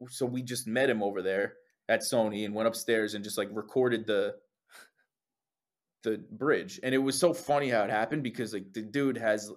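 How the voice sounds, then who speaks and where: A young man, a lead singer, chatting casually as an interview guest, an animated storyteller who swears often and acts out what people said. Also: fairly low pitch, normal speed. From New Jersey.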